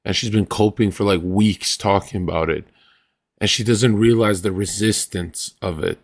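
A man's voice: fairly low pitch, steady tone, moderate pace. A young man from Canada hosting a casual reaction stream, telling stories in a loose, profane way.

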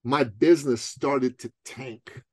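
A man's voice: medium pitch, fairly even intonation, slow pace, slightly rough, dry recording. A middle-aged man from Iran, a guest telling a motivational story in conversation, emphatic and full of rhetorical questions. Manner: streetwise, calls the host "bro".

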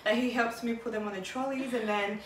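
A young woman from Tanzania hosting a casual chat, telling stories in an animated way, acting out voices and often laughing. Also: fairly high pitch, brisk, slight background noise. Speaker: host. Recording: echoey room, mic a bit distant.

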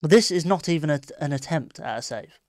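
A man's voice: fairly high pitch, lively intonation, fairly quick, no echo, clean studio sound. An English man co-hosting a casual football chat, blunt and mocking in his verdicts. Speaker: football podcast co-host.

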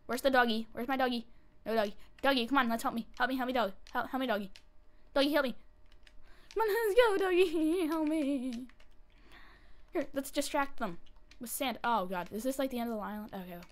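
A woman giving casual commentary while she plays a game, chatty and excitable, breaking into panicky squeals and repeated pleas when things go wrong. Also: on the high side, fast. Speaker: gameplay commentator.

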